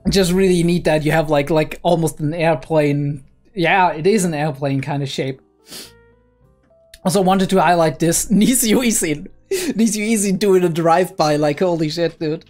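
A young woman hosting a casual anime reaction, talking in an excitable, rambling way and swearing freely. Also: fairly low pitch, a little slow, faint music behind. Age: young adult.

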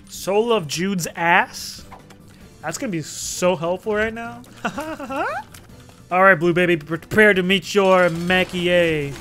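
High, bright-voiced young man gaming. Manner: excitable, jokey, swearing, sudden shouts. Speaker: gaming commentator. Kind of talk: let's play commentary.

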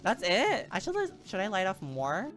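A man's voice: high voice, normal speed, faint music behind. A man streaming a video game, reacting dramatically with gasps and exclamations. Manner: dramatic, gasping, excitable.

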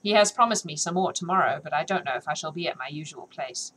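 A woman's voice: low voice, lively intonation, quick pace, fairly bright tone, a little hiss or hum, rough recording. A woman doing a coarse jeering old hag. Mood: sly. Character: coarse cackling old market hag, mocking.

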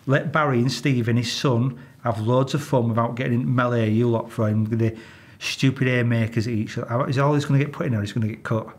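A retired police officer with a Yorkshire accent tells stories in a candid interview, blunt, exasperated and swearing freely. His mid-range voice is fairly even in intonation and a little fast.

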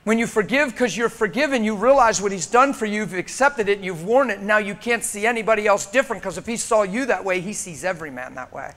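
High-voiced passionate male preacher. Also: animated, quick pace, few pauses. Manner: passionate, swinging from loud exhortation to hushed intensity. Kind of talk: sermon. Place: church meeting room before a congregation.

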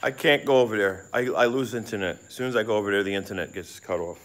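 A middle-aged man live-streaming outdoors at night by a pond on a phone, rambling, excitable and swearing freely while sweating in the heat. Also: fairly low pitch, fast. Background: frogs and insects chirping.

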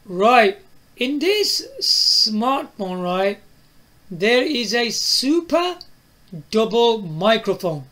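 A man's voice: extremely high pitch, sing-song, very slow, sharp tone. A man reviewing a phone to camera, asking the viewer questions and tagging his lines with "right?" and "yeah?". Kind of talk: product demo to camera.

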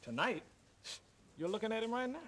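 An actor playing a bossy but needy store manager who jokes and wheedles, on hissy old TV audio. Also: male voice, high voice, big pitch swings, a little fast, a bit bright. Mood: joking. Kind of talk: sitcom acting.

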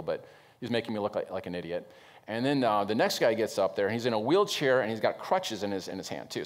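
Emphatic male pastor preaching. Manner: emphatic, swings from loud bursts to low asides. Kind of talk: sermon.

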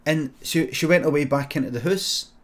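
A man with a Scottish accent improvising a comic story on a stream, deadpan and sweary, breaking into sudden shouts. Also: on the high side, normal speed.

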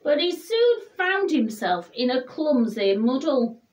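Woman, bedtime story reader, high and very expressive, slow and gentle. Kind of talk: reading a children's picture book aloud.

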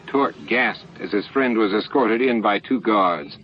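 A man narrates a dramatized audiobook in a steady, plain voice. The recording is dull and lo-fi, with faint hiss underneath. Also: on the low side, unhurried. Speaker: audiobook reader.

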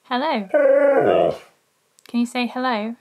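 A woman speaks slowly in a slightly high voice with fairly even intonation while training her dog for a video. She coaxes it playfully through tricks and laughs a lot.

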